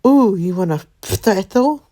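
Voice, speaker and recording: A woman's voice: mid-range voice, animated, a little slow, warm tone, voice pushed up. A woman voicing a bubbly teenage girl on a fairground date, chirpy and sing-song.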